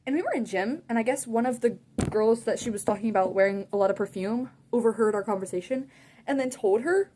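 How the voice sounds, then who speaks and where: A woman telling a story in a casual, animated way, saying "like" a lot and often laughing mid-sentence. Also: a little high, fairly quick, a little hiss or hum. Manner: chatty and animated, heavy use of "like". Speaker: vlogger.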